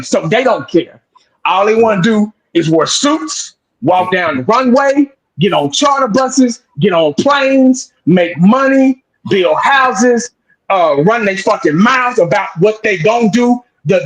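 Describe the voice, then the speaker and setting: A man with a notably high speaking voice talks sports in a loose, heated way. He is emphatic and profane, repeats himself, and caps his points with 'man'. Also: lively intonation, a little slow, rough recording. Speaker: sports show host. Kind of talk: casual sports talk.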